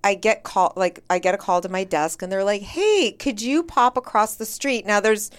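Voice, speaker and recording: Animated woman with a smooth voice. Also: medium pitch, moderate pace. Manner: animated, acts out quoted dialogue, many "like" fillers. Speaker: podcast guest. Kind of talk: casual storytelling.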